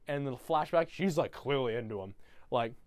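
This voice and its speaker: A man's voice: medium pitch, lively intonation, normal speed, no echo. A young man rambling through a comedic movie recap in a loose, crude, casual way. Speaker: YouTuber.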